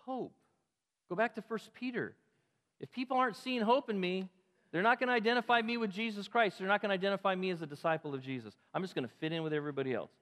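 Impassioned pastor preaching in a reverberant hall. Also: male voice, high voice, quick pace. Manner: impassioned, rising to emphatic peaks and dropping to quiet asides. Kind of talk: sermon. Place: church sanctuary.

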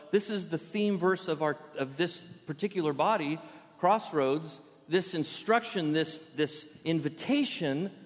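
Playful pastor, lightly raised voice, church sermon with a long hall echo. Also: male voice, fairly high pitch. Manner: playful, animated storytelling preacher. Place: church sanctuary.

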